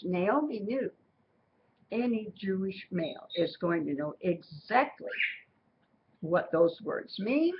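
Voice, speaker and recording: Slow-speaking woman teaching a Bible lesson. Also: mid-range voice. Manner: slow, explanatory, repeating key phrases. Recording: muffled recording with steady background noise.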